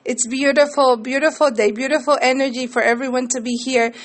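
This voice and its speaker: A woman's voice: high voice, steady tone, a little fast. A woman hosting a radio interview show, introducing her guest with effusive enthusiasm.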